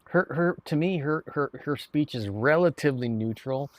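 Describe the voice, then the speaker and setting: A man's voice: on the high side, lively intonation, moderate pace, no echo. A man chatting casually to viewers on a live stream, rambling, with many restarts and repeated words. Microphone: streaming mic.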